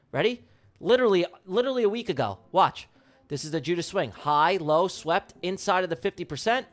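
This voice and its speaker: Male trading streamer, high-pitched, emphatic and repetitive, casual swearing, faint music behind. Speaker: livestream trading host. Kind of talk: live day-trading commentary.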